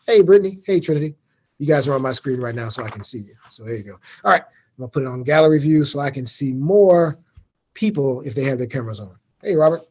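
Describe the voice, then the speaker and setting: Husky, mellow-voiced university president. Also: male voice, medium pitch, lively intonation, quick pace. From Chicago, Illinois. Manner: informal and joking, self-deprecating asides. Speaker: university president giving a keynote. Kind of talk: casual keynote talk. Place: remote, speaking over a video meeting. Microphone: video call.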